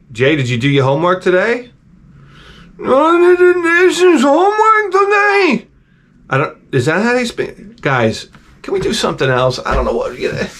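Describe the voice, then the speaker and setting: A middle-aged man hosting his own channel, telling rambling, profane stories in a casual, digressive way. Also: fairly high pitch. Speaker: channel host.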